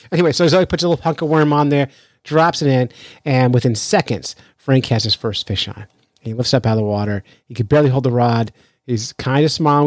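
A man's voice: mid-range voice, no room sound. Chatty male podcast host, dry sound. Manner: lively, chatty, with frequent restarts. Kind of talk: casual storytelling and news commentary.

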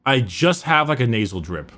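A man's voice: medium pitch, very animated, normal speed, bright, forceful tone. Chatty man with a sore throat. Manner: chatty, rambling, quizzing his co-host. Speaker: co-host. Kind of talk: casual chat.

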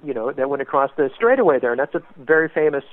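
A man guest telling a story in an animated way, acting out quotes with sudden loud bursts, as a race car paint designer. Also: medium pitch, quick pace, dry recording. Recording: tinny phone-like line, dry.

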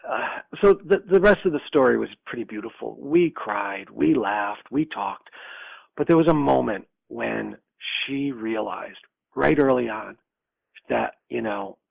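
A man's voice: mid-range voice, unhurried, vocal fry, breathy edge, no echo. A man in his sixties from New York, earnestly telling a personal story as a podcast guest, reflective and acting out the dialogue. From New York, USA. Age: 60s. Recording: tinny phone-like line, dry.

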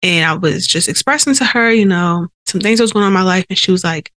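A woman's voice: fairly low pitch, fast, a bit bright, dry recording. A woman hosting a faith podcast, telling her personal testimony in an earnest, conversational way, with held breaths and sighs caught by a sensitive microphone. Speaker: podcast host.

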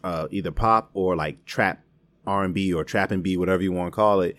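A man's voice: deep voice, brisk, a bit bright, no room sound. A man co-hosting a casual music talk, thoughtful and heavy on fillers. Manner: thoughtful, builds points with many fillers. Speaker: podcast co-host. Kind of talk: casual chat.

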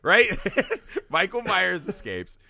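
A man chatting casually as a podcast host with a somewhat high, very bright voice. He swings his pitch widely and talks in an animated, profane way. The sound is close and dry. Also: slow, creaky, dry recording. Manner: animated, profane, laughing storyteller. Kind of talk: casual chat.

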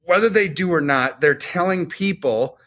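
At normal speed, a man with a slightly high, fairly bright voice co-hosts a talk show. His economics explanations stay conversational, dotted with frequent rhetorical "right?" tags.

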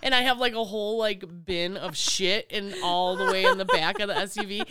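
A woman's voice: medium pitch, steady tone, brisk, bright, forceful tone, clear, resonant tone, no echo. A woman co-hosting a podcast, chatting casually and laughing often as she tells driving stories. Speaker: podcast co-host. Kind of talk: casual chat.

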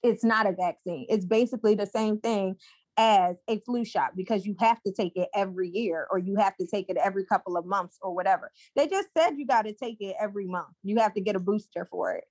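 A woman's voice: medium pitch, brisk, a little mellow, no echo. Female podcast co-host, insistent arguer, dry close sound. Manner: insistent, argumentative. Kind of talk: casual debate.

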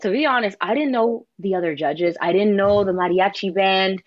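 A woman singer from New Jersey, talking candidly over a video call and telling animated stories with quoted asides. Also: mid-range voice, normal speed, no echo, muffled recording. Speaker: singer interviewed as guest. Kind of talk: casual video-call interview.

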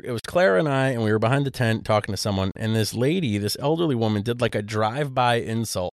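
Smooth-voiced man chatting casually. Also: lowish voice, dry recording, studio quality. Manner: rambling with many fillers and restarts. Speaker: podcast co-host. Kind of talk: casual chat.

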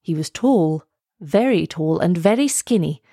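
A woman reading a children's storybook aloud in a measured, expressive way. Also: fairly low pitch, husky, no room sound, studio quality.

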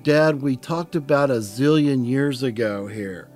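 A man's voice: medium pitch, a little slow, a little mellow, soft background music, close to an everyday voice. A man voicing a troubled adult son who speaks hesitantly, searching for his words.

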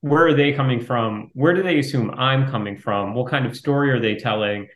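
Fast-talking man with a flat, even delivery. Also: medium pitch. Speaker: guest, startup investor. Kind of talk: podcast interview answers. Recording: roomy echo.

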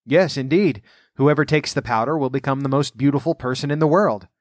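A man's voice: medium pitch, a little fast, dry recording, studio quality, natural voice. A man voicing an old male wizard who speaks in a plain, earnest way.

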